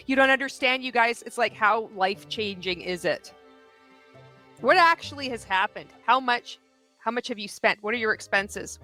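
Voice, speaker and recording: A woman's voice: medium pitch, bright, forceful tone. A woman hosting a commentary show, reacting to video clips in a blunt, sarcastic, critical way. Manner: mocks others by quoting them in exaggerated voices.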